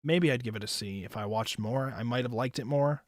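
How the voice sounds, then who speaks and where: A man's voice: mid-range voice, a little fast, dry recording. Young man, mid-range voice, chatty rambling, cursing, filler-heavy, dry recording. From United States. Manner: loose and chatty, heavy on "like", swears freely. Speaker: anime reviewer and streamer. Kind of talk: casual rambling tier-list commentary.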